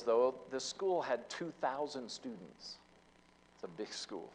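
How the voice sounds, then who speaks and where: A man's voice: medium pitch, low-quality recording. A man preaching a sermon as pastor, telling a story with many fillers and restarts, his volume rising and falling. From United States.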